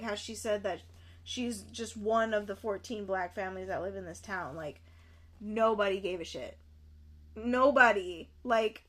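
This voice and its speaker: A young woman streaming herself reading a book aloud and reacting, animated and quick to exclaim and repeat herself. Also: a little high.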